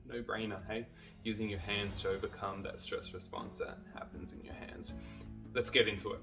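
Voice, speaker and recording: A lower-voiced man leads a body-calming exercise in a calm, steady instructional tone. His voice sits a little back from the mic. Clear guitar music plays underneath. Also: far from the mic. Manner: calm, steady, talks viewers through each step. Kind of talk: guided exercise instruction to camera.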